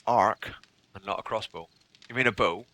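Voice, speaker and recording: A man's voice: on the low side, normal speed, bright, forceful tone. A man streaming a game live, reading chat aloud, thanking followers and joking with viewers.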